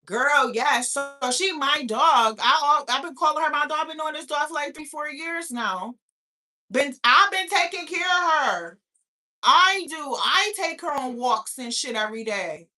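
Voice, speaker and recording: A woman's voice: high voice, lively intonation, moderate pace, pushed and bright. A young woman from New York hosting a livestream, ranting casually with heavy profanity and talking back to her chat. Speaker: livestream host.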